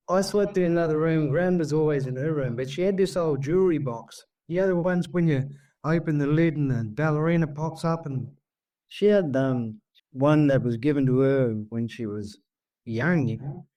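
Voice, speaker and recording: A man's voice: on the high side, dry recording, muffled recording. Rambling Australian man telling a yarn. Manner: rambling, animated, full of asides like "see?" and "mate". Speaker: guest storyteller. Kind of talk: casual storytelling.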